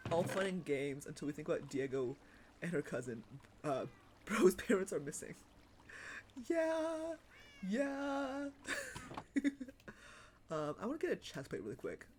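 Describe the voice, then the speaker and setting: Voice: medium pitch, a little hiss or hum. A livestreamer chatting casually while playing a game, rambling, repeating phrases and laughing often. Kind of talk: casual live-stream chat while gaming.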